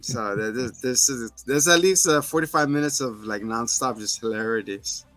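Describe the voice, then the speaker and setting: A man's voice: medium pitch, moderate pace, a bit bright, no echo, faint music behind. A man co-hosting a casual show chat, retelling scenes with lots of laughter and quoted lines. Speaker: podcast co-host.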